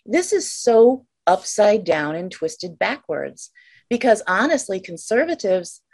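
An enthusiastic female interview host speaks with a lively, swooping pitch. She sides with her guest eagerly and lands her points with emphasis. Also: unhurried. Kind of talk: conversational interview.

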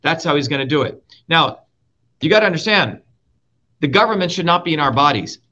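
A man's voice: fairly high pitch, expressive, a little fast, bright, forceful tone. A man from India who grew up there, hosting and ranting about politics in a profane, emphatic way that repeats key words. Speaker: show host and guest speaker. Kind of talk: heated political rant. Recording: dull, slightly lo-fi audio.

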